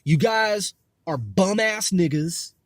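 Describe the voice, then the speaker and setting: High-voiced man ranting profanely. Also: expressive, slow, no echo, clean studio sound. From United States. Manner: heavy profanity, filler words "dude" and "man"; repetitive, ranting. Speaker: podcast host. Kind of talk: profane political rant.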